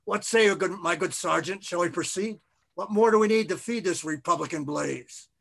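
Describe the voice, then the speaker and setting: A man voicing a boisterous, excitable British officer who yells with glee, in a storybook reading. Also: high-pitched, normal speed, gravelly, full character voice. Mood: gleeful yelling. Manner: yelling, gleeful and rowdy.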